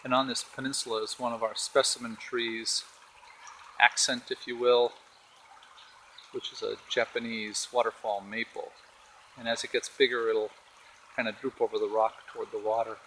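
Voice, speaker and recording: This casual walking video shows a homeowner touring his backyard garden by a pond, calmly pointing out rocks and plants as he films. His mid-range voice moves at normal speed with frequent pauses. Faint outdoor ambience with birds and a jet sits under a low-quality recording with a little hiss or hum.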